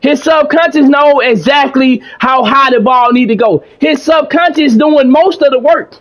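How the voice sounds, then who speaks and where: High-voiced man preaching to his chat. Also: moderate pace. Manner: preachy, motivational, repeats himself, reads out chat. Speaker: streamer talking to his live chat. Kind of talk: casual livestream chat.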